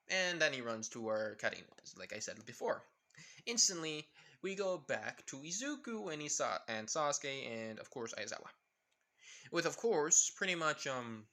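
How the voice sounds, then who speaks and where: A man's voice: mid-range voice, bright, forceful tone. A young man casually improvising a fan story, rambling with many fillers. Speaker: fan fiction narrator.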